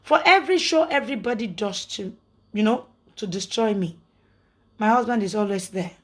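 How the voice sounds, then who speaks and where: A woman's voice: mid-range voice, lively intonation, normal speed. A middle-aged woman with a Nigerian accent, talking casually to her followers, indignant and preachy, full of rhetorical questions. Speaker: social media personality.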